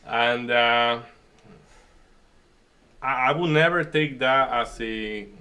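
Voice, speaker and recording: Male stream host, bright tone, halting casual delivery full of fillers. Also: medium pitch. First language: Spanish. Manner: halting, many fillers and restarts. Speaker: day trading stream host. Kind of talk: casual chat.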